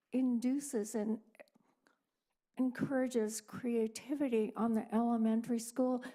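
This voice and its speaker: A woman's voice: fairly high pitch, dark tone. A woman, an art teacher, giving a candid and sarcastic public comment at a school board meeting.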